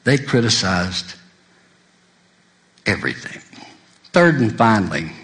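A male preacher delivering a sermon, shifting between loud emphasis and quiet intensity and quoting scripture in old-fashioned wording. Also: lowish voice, very animated, slow.

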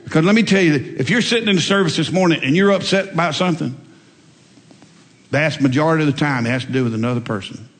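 A man preaching a sermon, telling folksy stories and swinging between loud emphatic lines and quiet asides. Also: fairly high pitch, quick pace. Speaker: pastor. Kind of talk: sermon with storytelling. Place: church sanctuary. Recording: long reverb in a large hall.

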